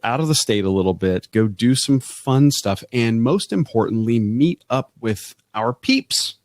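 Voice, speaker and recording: A man's voice: mid-range voice, expressive, measured pace, no echo. A man co-hosting a podcast, telling stories in a chatty way with frequent restarts. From Florida, USA. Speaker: podcast co-host. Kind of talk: casual chat.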